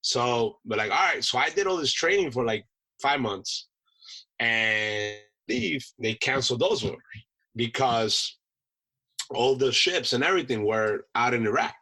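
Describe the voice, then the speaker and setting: Bright and husky, this medium-pitched American voice belongs to a Marine veteran turned chef appearing as a podcast guest. He spins casual stories at a measured pace, performing the voices and laughing a lot, though the recording quality is low.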